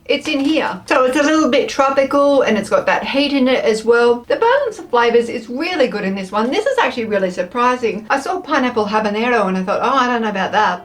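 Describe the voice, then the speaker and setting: Trying one snack after another, a food taste-test vlogger chats casually to camera in a slightly high, lively voice. She's playful and expressive, thinking aloud, narrating each thought as it arrives and laughing often.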